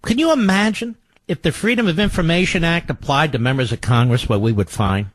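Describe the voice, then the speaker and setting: A man's voice: a little high, animated, fairly quick, no echo. A man hosting a political talk radio show, delivering a sarcastic, mocking monologue.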